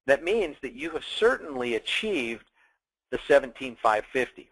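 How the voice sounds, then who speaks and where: A man's voice: medium pitch, very animated, moderate pace, low-quality recording. A man presenting a sales training, upbeat and emphatic like a salesman.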